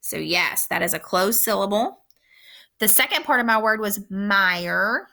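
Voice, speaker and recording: A woman teacher giving a recorded phonics lesson, speaking slowly and clearly and repeating each word for young learners. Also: medium pitch, expressive, pushed and bright. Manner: slow, clear instructional pacing with repeated words.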